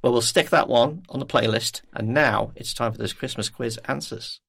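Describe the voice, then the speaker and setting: Gravelly male podcast host. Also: medium pitch, normal speed, a bit bright. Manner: wry, leads the talk and sets up each pick. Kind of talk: casual chat about music.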